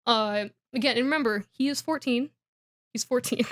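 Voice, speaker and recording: A woman's voice: on the high side, normal speed. A woman co-hosting a podcast, casually recapping a book as a rambling storyteller with lots of fillers. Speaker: podcast co-host.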